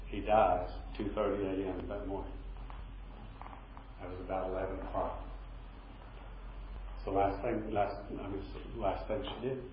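A man preaching a sermon in a relaxed, conversational way, telling a story and acting out what people said. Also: low voice, normal speed, long pauses, far from the mic, a little hiss or hum. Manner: conversational, retells with acted quotes. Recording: very echoey, dull-sounding room recording.

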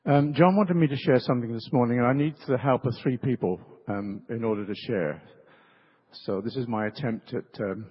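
An older man, leading a ministry and giving a relaxed church talk with light humor while directing volunteers. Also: mid-range voice, normal speed, slightly rough. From England. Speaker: ministry leader. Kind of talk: church talk with a live demonstration. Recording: dull recording in a reverberant hall.

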